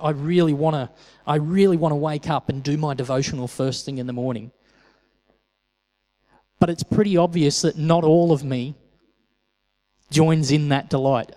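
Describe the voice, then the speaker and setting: A man's voice: on the high side, warm tone, long reverb tail, poor audio. A man preaching a sermon in a conversational way, often repeating words as he starts a phrase.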